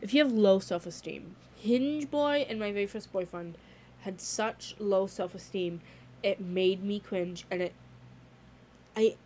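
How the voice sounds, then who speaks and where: A woman's voice: medium pitch, a little slow, a little mellow, a little hiss or hum. Blunt young woman vlogging casually. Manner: candid, blunt, swears freely, lots of "like". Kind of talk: casual vlog talk.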